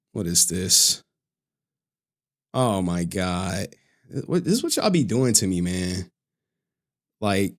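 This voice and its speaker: A man chatting casually on a live stream, loose and profane, laughing often and reading out chat messages. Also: on the low side.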